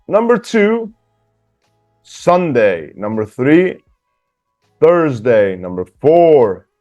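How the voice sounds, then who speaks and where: A man teaching beginner through a workbook, patient, slowly spelling out sounds and repeating words. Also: fairly high pitch, darkish tone, highs cut off. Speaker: English teacher. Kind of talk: slow workbook lesson for beginners.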